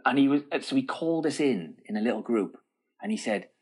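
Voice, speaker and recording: Animated middle-aged storyteller. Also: male voice, medium pitch, brisk. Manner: animated, laughing, restarts mid-sentence. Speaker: guest. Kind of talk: casual storytelling.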